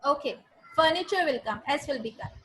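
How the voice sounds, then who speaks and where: A woman's voice: high voice, lively intonation, fairly quick, a bit bright, a little hiss or hum, poor audio. A woman teacher giving a grammar lesson to a class, patiently repeating sentences and spelling words out letter by letter. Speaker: English teacher.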